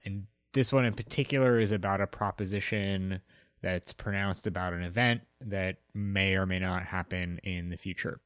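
A man hosting a philosophy podcast, explaining in a relaxed way with a lot of hesitant fillers. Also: deep voice, no echo, clean studio sound. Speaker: podcast host. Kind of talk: casual explanatory chat.

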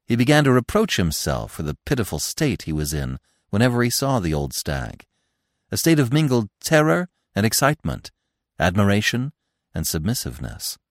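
A man with a deep voice narrates a classic story aloud, with a lively, animated reading. The sound is close and dry. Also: normal speed, no echo. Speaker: audiobook narrator.

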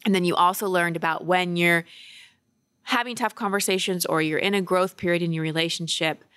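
Lady coach chatting on a podcast, earnest and upbeat, lowish voice, dry sound. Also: fairly quick, a bit bright, clean tone, no echo. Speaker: relationship coach and co-host. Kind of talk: casual podcast chat.

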